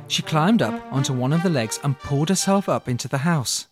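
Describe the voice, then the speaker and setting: A man telling a fairy tale in an expressive, playful way, speaking straight to the listener. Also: on the high side, fairly quick, few pauses, faint music behind. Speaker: storyteller. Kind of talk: dramatic storytelling.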